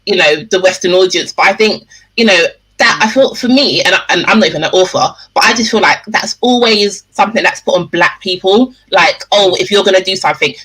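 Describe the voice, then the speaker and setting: A woman's voice: medium pitch, lively intonation, fairly quick, fairly bright tone, slightly rough, rough recording. A woman guest in a casual book discussion, talking bluntly and with animation.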